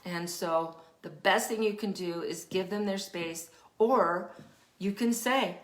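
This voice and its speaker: Woman, parenting specialist, animated advice, acts out quotes, whispers for emphasis, echoey room. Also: on the low side, slow. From Denver area, United States. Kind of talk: casual explanatory advice talk.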